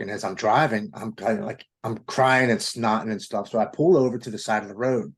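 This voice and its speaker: A man's voice: fairly low pitch, breathy edge. A man in his forties from Maryland, telling an emotional personal testimony as an interview guest and quoting his own past thoughts aloud. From Maryland, United States.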